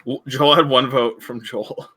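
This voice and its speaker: A man's voice: medium pitch, fairly even intonation, unhurried, sharp tone. A man chatting casually with his tabletop group over a voice call, teasing and laughing a lot. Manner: teasing, laughs often, repeats himself. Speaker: tabletop game player. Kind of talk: casual voice-chat banter.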